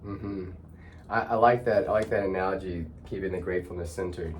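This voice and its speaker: A man's voice: low-pitched, steady tone, a little fast, slight background noise. A man hosting a heartfelt conversation, talking in a reflective, searching way with many restarts. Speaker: host.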